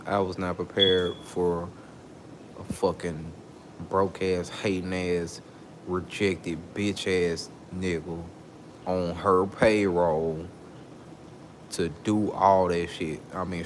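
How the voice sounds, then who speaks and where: A man venting in an angry vlog rant, swearing and jumping up in pitch as he gets worked up. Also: little pitch movement, takes it slowly, slight background noise. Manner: angry ranting, swearing, voice leaping up when worked up. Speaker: vlogger. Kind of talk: heated venting monologue.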